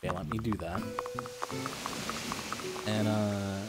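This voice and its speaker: A man's voice: on the low side, fairly even intonation, slow. A young man telling a story from his old job while streaming a game, rambling, swearing a lot and repeating himself. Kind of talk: casual storytelling while gaming. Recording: loud background music.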